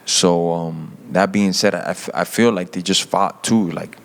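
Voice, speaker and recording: A man's voice: low voice, fairly even intonation, moderate pace, vocal fry. A man answering press questions as a fighter, casual and loose, often saying "you know".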